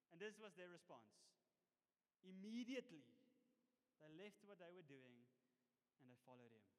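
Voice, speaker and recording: A man preaching a sermon to a congregation, lively and self-deprecating, laughing at himself between points. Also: sits high. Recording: long hall reverb.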